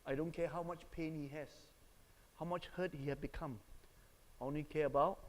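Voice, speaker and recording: A man's voice: a little high, steady tone, moderate pace, in a large hall, poor audio. A man with a Singaporean English accent, preaching a sermon and telling stories while asking the audience questions. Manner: storytelling, asks the audience questions.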